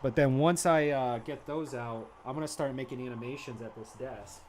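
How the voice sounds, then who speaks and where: A man's voice: medium pitch, moderate pace, a little mellow, a little hiss or hum. Rambling, playful man chatting while drawing. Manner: rambling, playful, sings silly made-up ditties. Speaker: artist streaming his drawing. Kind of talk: casual livestream chat while drawing. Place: home studio at a drawing desk.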